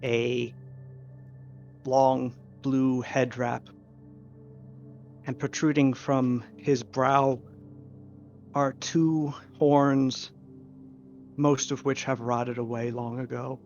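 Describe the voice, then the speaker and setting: A man narrating a tabletop game as game master, slowly describing the scene with occasional fillers. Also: mid-range voice, flat delivery, a little mellow, faint music behind. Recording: dull lo-fi recording.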